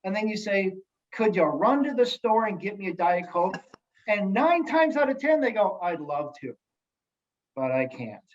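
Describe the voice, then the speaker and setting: A man speaking as a guest in casual podcast chat, telling stories in an animated, jokey way with many restarts. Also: sits high, moderate pace, lo-fi sound. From United States. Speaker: guest, sales executive and elected official.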